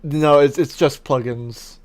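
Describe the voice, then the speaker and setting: A man's voice: medium pitch, fairly even intonation, slow. A man chatting casually on his game stream, playful and teasing, breaking into bursts of mock outrage. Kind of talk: casual gaming stream chat.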